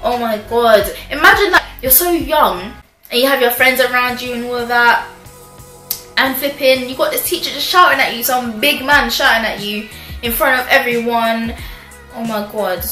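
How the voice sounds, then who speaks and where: A young woman telling a storytime on her vlog, animated and chatty, laughing often as she talks. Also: a little high. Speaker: vlogger. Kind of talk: casual storytime chat. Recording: roomy echo with faint music.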